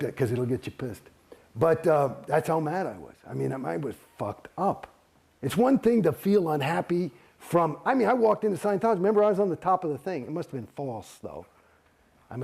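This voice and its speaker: A man's voice: sits high, a little mellow. A man in a candid interview, telling a long story in a rambling, heated way and swearing constantly.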